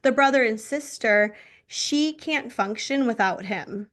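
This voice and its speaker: A young woman chats as co-host of a casual podcast, her voice sitting a little high. She tells a long story in an animated way. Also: a little slow. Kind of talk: casual chat.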